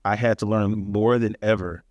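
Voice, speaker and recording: A man's voice: on the low side, steady tone, normal speed, darkish tone, no room sound, dull audio. A man telling his life story as a guest in an interview, earnest and reflective, with frequent restarts and emphatic rises.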